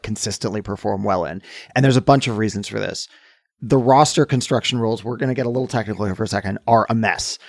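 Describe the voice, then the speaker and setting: A hoarse man co-hosting a podcast, explaining things in casual chat and getting animated at times. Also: on the low side, dry recording, studio quality. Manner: explanatory, gets animated and mock-indignant. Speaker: podcast co-host.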